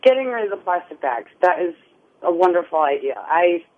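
A woman calling in to a radio show, speaking in a hesitant, halting way. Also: on the low side, big pitch swings. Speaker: caller. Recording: tinny phone line.

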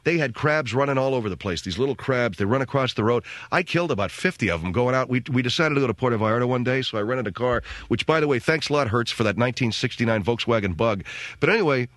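Hosting a radio talk show, a middle-aged man delivers a comic story with jokey animation, voicing characters and mimicking sounds. His mid-range voice moves fast, captured in a dry, studio-quality recording.

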